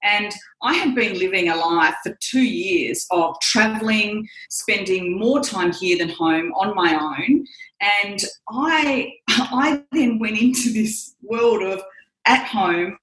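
A woman's voice: mid-range voice, slow pace, a bit bright. Australian woman, middle-aged, chatty guest, self-mocking, roomy sound. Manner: candid, rambling, self-mocking, many fillers. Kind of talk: casual emotional interview chat. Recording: roomy echo.

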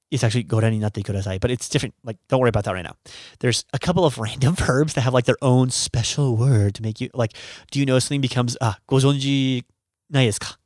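A man's voice: mid-range voice, dry recording, studio quality. A man giving a casual video lesson as a language teacher, chatty and laughing at his own jokes.

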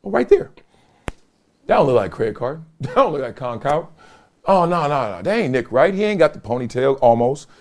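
A middle-aged man hosting casual solo sports commentary, slangy and animated, laughing often and talking straight to his viewers. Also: medium pitch, fairly quick.

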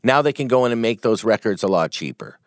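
A middle-aged man from Canada speaks as an interview guest, in a medium-pitched voice, laying out his arguments calmly with examples. His voice is recorded dry and close. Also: dry recording. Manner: measured, explains with examples, holds his ground. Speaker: music manager, guest. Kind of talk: conversational interview.

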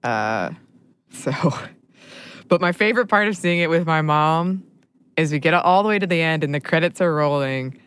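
A woman's voice: sits low, lively intonation, normal speed, a bit bright, clean tone. A woman co-hosting a podcast in casual chat, chatty and often laughing as she talks. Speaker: podcast co-host.

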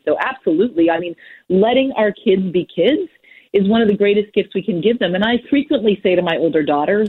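Woman, parenting expert, blunt and husky, phone-quality sound. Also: mid-range voice, no room sound. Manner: frank, plainspoken, mild swearing. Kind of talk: casual advice talk. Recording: muffled phone-like line.

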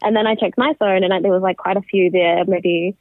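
A young woman, an interview guest, tells stories in a loose, chatty way, laughing at times and slipping into what others said. Her mid-pitched voice is brisk with fairly even intonation. The audio is tinny and phone-like, dry and without room sound.

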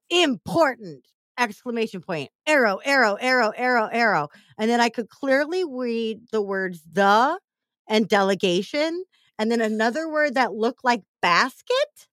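A woman's voice: on the high side, a bit bright, no echo. A woman hosting a podcast, chatting casually and telling playful stories, laughing often. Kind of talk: casual chat.

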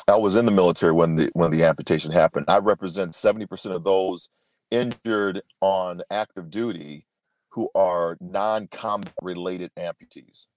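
Deep-voiced man telling his story earnestly. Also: fairly even intonation, normal speed, a little mellow. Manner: earnest, emphatic storyteller with frequent restarts. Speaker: podcast guest, speaker. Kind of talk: storytelling interview answer.

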